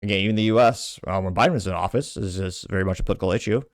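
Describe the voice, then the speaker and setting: Rapid-fire and indignant, the host of a commentary show rails against politics and business. His voice sits a little low, recorded close and dry with no room echo.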